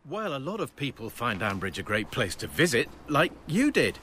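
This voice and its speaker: A cautious, flustered middle-aged son in a radio drama. His voice is bright and swings widely in pitch, and he stumbles as he tries to object. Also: big pitch swings, moderate pace, slight background noise. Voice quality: hesitant, flustered.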